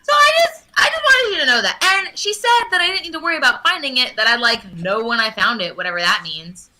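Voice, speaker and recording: A woman's voice: a little high, big pitch swings, fast, sharp tone, rough recording. A woman playing a tabletop game, earnest and giggly, asking lots of questions. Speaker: player. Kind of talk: casual tabletop play.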